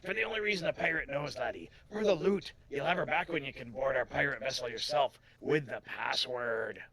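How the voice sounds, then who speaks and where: A man's voice: medium pitch, fairly quick, sharp tone. A man voicing a menacing male pirate captain in a video game, with growling pirate talk.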